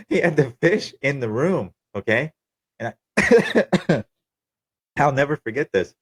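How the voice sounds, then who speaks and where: A young man with a medium-pitched voice tells his own story on a podcast, candid, profane, and wry. It's casual personal storytelling, captured in a dry recording.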